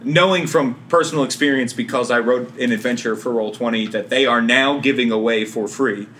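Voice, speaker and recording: A man with a New Jersey accent hosting a casual podcast discussion, relaxed and chuckling, with plenty of fillers. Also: mid-range voice, brisk, a little hiss or hum. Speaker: podcast host.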